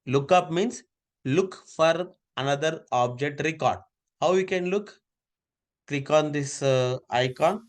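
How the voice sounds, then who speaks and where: A man's voice: a little high, slow pace. A man teaching a live online class over a video call, giving repeated step-by-step instructions.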